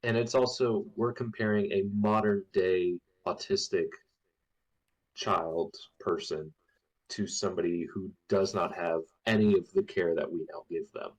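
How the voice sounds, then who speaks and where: A man co-hosting a casual book-discussion podcast, rambling with lots of fillers and quick laughs. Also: deep voice, steady tone, rough recording. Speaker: podcast co-host.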